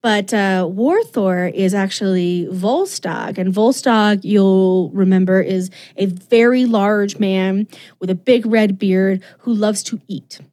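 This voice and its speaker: A woman's voice: mid-range voice, slow pace, mellow. A woman co-hosting a podcast, retelling a story in casual, enthusiastic chat full of fillers. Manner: enthusiastic, gushing, chatty with many fillers.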